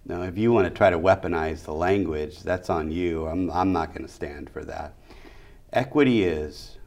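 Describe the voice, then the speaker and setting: A middle-aged man with a very low, deep voice, talking as an educator in an interview. He hammers his points home, stacking short phrases into rhythmic lists. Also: normal speed, gravelly, darkish tone. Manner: emphatic, repeats key phrases in rhythmic lists. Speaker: educator and school leader. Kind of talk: interview conversation.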